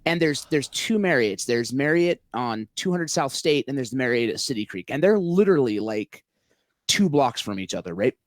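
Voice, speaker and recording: A man's voice: mid-range voice, animated, moderate pace, no room sound, clean studio sound. A man telling a long story in a casual podcast chat, rambling with lots of filler words and swearing freely. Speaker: podcast guest, local event organizer.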